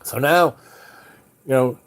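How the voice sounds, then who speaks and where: A man's voice: medium pitch, takes it slowly, a bit bright. Rambling male storyteller. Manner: rambling, with many restarts and fillers. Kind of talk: casual spoken anecdote.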